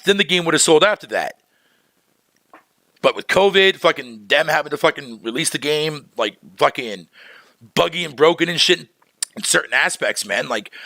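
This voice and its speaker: A man's voice: a little high, gravelly, bright, forceful tone, no room sound. A man ranting casually on a livestream, heated and profane, full of slang, breaking off to greet viewers in chat. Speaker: streamer.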